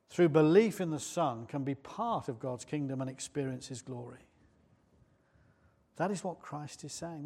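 A man preaching a sermon in church, conversational and often putting questions to the congregation. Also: high voice.

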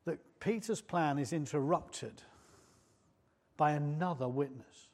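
A man's voice: on the high side, slow, a little mellow. A man preaching a sermon in church, conversational and often putting questions to the congregation.

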